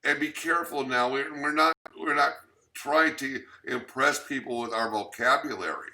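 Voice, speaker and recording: A man's voice: mid-range voice, normal speed, bright, forceful tone. A man giving a recorded training lecture as instructor, teaching plainly with fillers and restarts.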